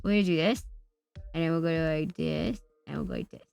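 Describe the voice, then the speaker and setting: A woman streaming from home, chatting casually with her chat, swearing a lot and swinging between loud outbursts and quiet muttering. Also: sits low, quick pace, creaky, clear, resonant tone, highs cut off, faint music behind.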